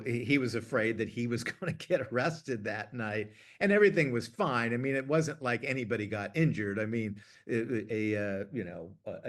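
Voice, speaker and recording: Chatty man telling a backstage story. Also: medium pitch. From Ohio, USA. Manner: chatty, many fillers and restarts, animated when quoting others. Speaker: TV producer interviewee. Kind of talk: casual anecdotal storytelling.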